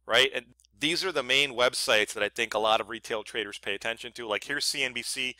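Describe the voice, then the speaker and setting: A man walks viewers through trading charts in a forceful, tense voice. He talks bluntly, swears freely and sounds annoyed, often tagging his points with "right?". The recording is close and dry. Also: medium pitch, brisk, dry recording. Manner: keeps asking "right?" for agreement. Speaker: trading educator. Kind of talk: screen-share trading tutorial.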